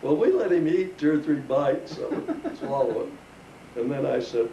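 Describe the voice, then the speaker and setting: A man's voice: a little high, very animated, a little slow, dark tone. An older man telling a chuckling, folksy story from his life to family. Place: living room with family listening. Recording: roomy home recording, distant mic, faint hiss.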